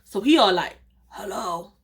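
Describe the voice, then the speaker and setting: High bright voice girl telling a storytime, animated, laughing a lot. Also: normal speed. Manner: animated, quotes dialogue, laughs often. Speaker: vlogger. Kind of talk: storytime vlog.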